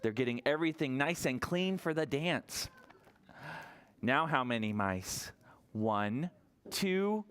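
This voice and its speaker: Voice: medium pitch, lively intonation, fairly bright tone. A children's librarian reading a picture book aloud to toddlers, coaxing and sing-song, counting along and asking the little ones questions. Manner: counts aloud slowly and playfully.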